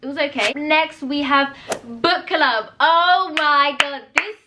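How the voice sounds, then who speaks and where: A young woman chatting casually and bluntly as a vlogger reviewing films, animated and talkative. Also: high voice, slow, noisy background. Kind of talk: casual chat.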